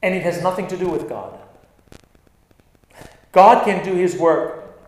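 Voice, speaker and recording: A male pastor preaching an animated sermon, stressing lines and acting out quoted words. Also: high voice, measured pace. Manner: animated, acts out quotes with bursts of emphasis. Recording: very echoey room.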